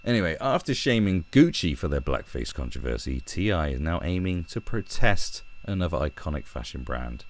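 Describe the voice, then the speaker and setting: A man's voice: rumbling low, sing-song, moderate pace, few pauses. A man giving a sarcastic, profane ranting commentary as an online commentator. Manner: sarcastic and profane, with mocking asides.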